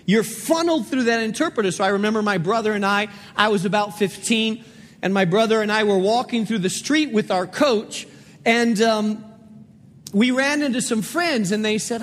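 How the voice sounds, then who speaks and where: A man with a high, light voice preaches from the pulpit and repeats his key lines to drive them home. He tells anecdotes between points in a sermon cadence. His voice rings out in a long, reverberant hall. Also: moderate pace. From Spain. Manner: storytelling with emphatic repetition. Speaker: pastor.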